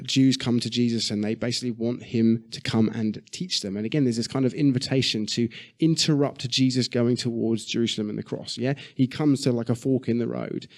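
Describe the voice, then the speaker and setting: A man preaching a sermon in a conversational way, often checking in with his listeners. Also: fairly high pitch. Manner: conversational, frequent "yeah?" check-ins.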